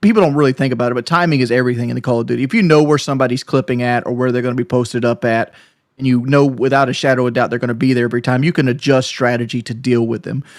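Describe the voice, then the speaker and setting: Relaxed male gamer explaining tactics. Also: medium pitch, rapid-fire, no echo, studio quality. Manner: relaxed, explanatory, filler-heavy. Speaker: gamer guest. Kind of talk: casual chat.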